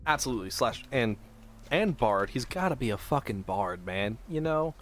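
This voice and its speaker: A man's voice: medium pitch, expressive, moderate pace, a bit bright, faint music behind. A man chatting casually on a live stream from his room at home, planning a tabletop setting aloud and swearing freely.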